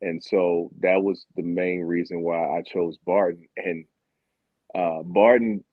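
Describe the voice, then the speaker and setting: A man from Baltimore telling his story as a guest, animated and sometimes acting out what others said. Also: low-pitched, slow, no room sound. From Baltimore, Maryland, USA. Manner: animated, acts out quotes of teammates. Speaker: guest, former Olympic sprinter. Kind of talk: candid conversational storytelling. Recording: dull lo-fi sound.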